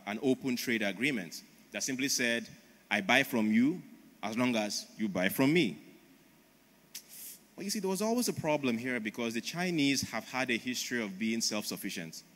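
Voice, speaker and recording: A man's voice: fairly low pitch, pushed and bright. Emphatic man preaching in a large hall. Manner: emphatic, storytelling. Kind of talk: conference sermon. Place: large church auditorium. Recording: long reverb of a large hall.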